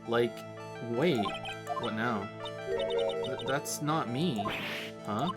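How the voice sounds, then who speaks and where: A man's voice: medium pitch, extremely slow, loud music behind the voice. A man voicing a ditzy young woman who talks in valley-girl style, acting innocent. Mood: evasive. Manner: valley-girl speech full of "like" and "totally".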